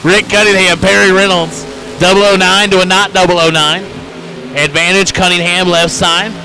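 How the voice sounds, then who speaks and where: A man with an Indiana accent announces drag races from a trackside booth, and his voice sits a little high with a bright, cutting edge. He runs through names, lanes and times in brisk play-by-play and drops quick jokes between pairs. Faint car noise hums underneath. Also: little pitch movement. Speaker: race announcer. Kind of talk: live drag-racing commentary.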